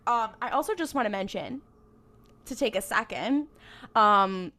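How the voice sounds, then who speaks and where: A woman's voice: on the high side, expressive, a little slow, pushed and bright. Giggly rambling woman recapping a show. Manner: rambling storytelling, laughs often, many "like" and "um". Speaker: podcast co-host. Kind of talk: casual recap chat.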